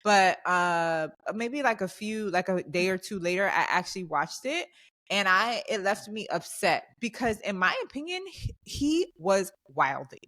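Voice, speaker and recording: A woman's voice: medium pitch, animated, measured pace, a bit bright. Emphatic woman podcast co-host. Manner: heated, emphatic ranting. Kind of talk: casual chat.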